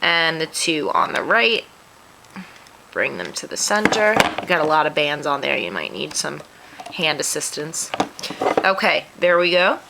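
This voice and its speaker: A woman's voice: sits low, very animated, a little slow, vocal fry, heavy background noise. A woman hosting a craft tutorial, walking through each step in a chatty, self-deprecating way while sniffling. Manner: chatty, self-deprecating, talks through her hands-on work.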